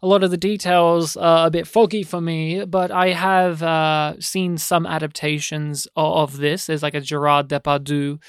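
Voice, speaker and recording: Guy rambling on a film podcast, smooth clear voice, dry close sound, lots of ums and restarts. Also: fairly high pitch, little pitch movement, normal speed, few pauses, dry recording. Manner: rambling, hesitant, many fillers and restarts. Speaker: podcast co-host. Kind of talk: casual film discussion.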